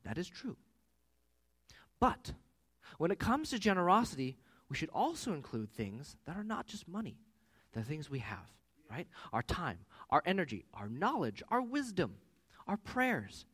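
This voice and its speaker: A man in his thirties delivers a sermon as a pastor. His pitch sits a little high and swings widely, and he tells his stories with animated energy, turning loud when he voices other people. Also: unhurried, breathy edge. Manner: animated storytelling, rising loud for quoted voices.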